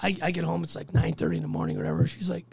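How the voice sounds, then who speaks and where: Gravelly fast-talking man. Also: fairly high pitch, big pitch swings, darkish tone. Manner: rapid, profane, acts out the people in his story. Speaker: firefighter guest. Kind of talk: casual storytelling on a podcast.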